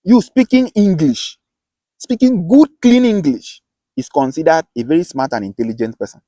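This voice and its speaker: A man's voice: on the high side, moderate pace, warm tone, no room sound. Emphatic man with an Akwa Ibom accent. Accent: Nigerian, Akwa Ibom. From Nigeria. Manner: emphatic, repeats and restarts phrases. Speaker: self-styled teacher. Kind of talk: passionate monologue lesson.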